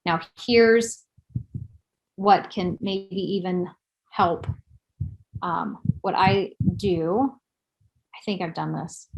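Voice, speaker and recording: A woman's voice: lowish voice, fairly even intonation, extremely slow, creaky, pauses often, low-quality recording. Chatty woman presenting a webinar. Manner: chatty, self-deprecating, thinks aloud while clicking. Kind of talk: live screen-share webinar tutorial.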